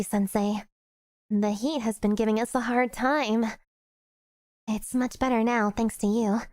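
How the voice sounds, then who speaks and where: A woman's voice: on the high side, darkish tone, dry recording. A woman streamer reading a game story aloud, voicing every character herself and breaking off to laugh at her own attempts.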